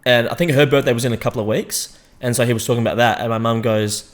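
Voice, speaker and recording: A man's voice: mid-range voice, fairly even intonation, fast talker. Aussie guy telling a story on a podcast, does little voices for the people in it. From Western Australia. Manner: anecdotal, acts out quoted voices. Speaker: podcast co-host. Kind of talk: casual storytelling.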